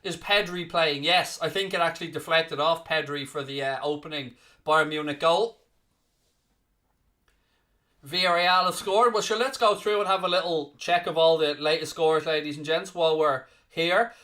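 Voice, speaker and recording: A man's voice: on the high side, steady tone, normal speed, sharp tone. An Irish man with a Dublin-area accent hosting a live football watchalong, teasing viewers in casual chat and rattling off scores like a presenter. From Ireland. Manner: teasing, mock-scolding replies to viewer comments. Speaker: watchalong host.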